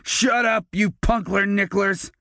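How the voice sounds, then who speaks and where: A sneering teenage bully with a raised, taunting voice, as a male narrator puts him on, from a fantasy storybook. He talks down to his victim, mocking and leering, loud and bossy, with a dry, close sound. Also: high-pitched, slow pace, gravelly, no room sound, voice pushed up, full character voice. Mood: furious. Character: taunting teenage human bully, tall and flabby, 17.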